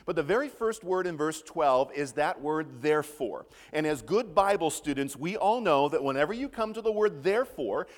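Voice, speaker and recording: A man's voice: on the high side, big-room sound. A man preaching a sermon as a pastor, reading scripture, leading a prayer and asking rhetorical questions.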